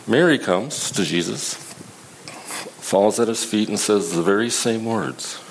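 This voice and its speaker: A man preaching a sermon in a conversational, halting way, often restarting his sentences. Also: fairly low pitch, lively intonation, a little hiss or hum, poor audio.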